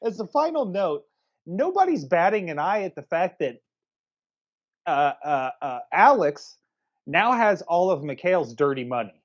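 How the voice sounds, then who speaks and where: A man co-hosting a casual movie podcast, relaxed and crude, his pitch rising and falling freely. The mic sounds dull and lo-fi. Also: unhurried. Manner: laid-back, crude, hesitant. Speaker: podcast co-host. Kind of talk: casual movie review chat.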